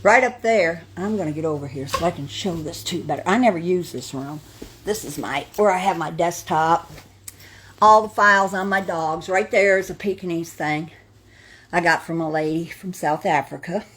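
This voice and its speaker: A woman's voice: on the low side, moderate pace, fairly bright tone, breathy edge. An older woman from New York, chatting casually and bluntly to her viewers while giving a tour of her house and yard. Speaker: vlogger. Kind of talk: casual home tour vlog.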